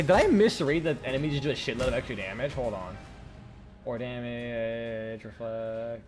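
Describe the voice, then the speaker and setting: A young man with a light Southern US accent, chatting casually while streaming a game, rambling, swearing and restarting his sentences. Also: mid-range voice. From American South. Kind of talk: casual gameplay commentary.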